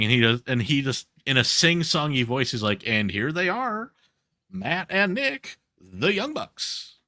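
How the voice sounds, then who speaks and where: A man co-hosting a podcast, chatting casually and telling stories in an animated way. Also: fairly low pitch, no echo, clean studio sound. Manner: animated storytelling, recapping wrestling events. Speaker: podcast co-host. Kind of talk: casual chat.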